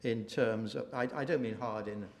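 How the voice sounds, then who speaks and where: A man speaking at a policy briefing event, halting often with restarts and fillers, mocking opposing views. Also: mid-range voice. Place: event room. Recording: echoey room.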